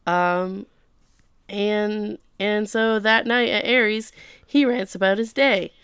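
A woman recapping a show with friends in a casual chat, slipping into characters' lines as she goes. Her voice is smooth and clear with a gravelly edge. The sound is dry and close. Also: mid-range voice, steady tone, slow, fairly bright tone, dry recording. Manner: playful, acts out characters' lines while recapping. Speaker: podcast co-host recapping an anime.

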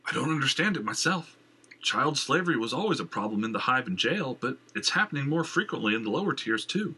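Man voicing a pompous theater owner, middle-aged, flustered, high theatrical tone, lively swooping pitch. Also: fairly quick, slightly rough, exaggerated voice. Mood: fussy.

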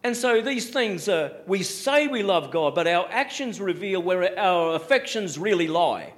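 A high-pitched man delivering a sermon from the pulpit. He preaches emphatically, repeating his points and firing rhetorical questions at the congregation. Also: animated, measured pace. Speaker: pastor.

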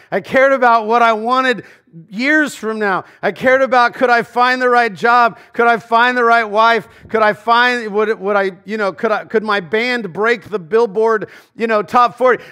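A pastor delivers a sermon in a voice that sits a little high for a man. His preaching is loose and conversational, full of casual asides. It sounds like a church service. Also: pushed and bright.

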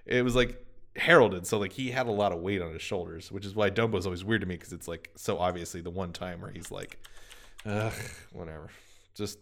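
A man chatting casually about old animated films, rambling and jokey. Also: sits low, fast, vocal fry. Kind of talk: casual film chat.

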